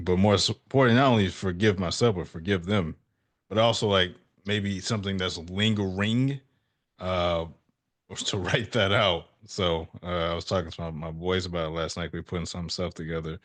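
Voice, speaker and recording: A man's voice: low-pitched, a bit bright. A man in his thirties hosting a podcast, talking casually and reflectively as he works his thoughts out. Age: 30s. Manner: reflective, talks things through slowly. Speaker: podcast host. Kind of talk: casual conversation.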